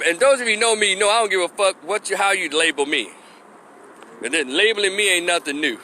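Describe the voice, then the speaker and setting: A man's voice: high-pitched, pushed and bright, slight background noise. A man giving a blunt, profane opinion rant, stressing his points and laughing in scorn. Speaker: opinion vlogger.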